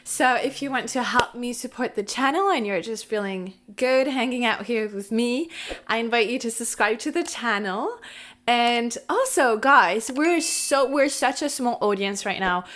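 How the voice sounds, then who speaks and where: Chatty, rambling woman vlogger, high voice. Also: lively intonation, measured pace, fairly bright tone. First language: not English. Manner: chatty, rambling, candid, swears casually. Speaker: lifestyle and spirituality vlogger. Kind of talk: casual rambling monologue to camera.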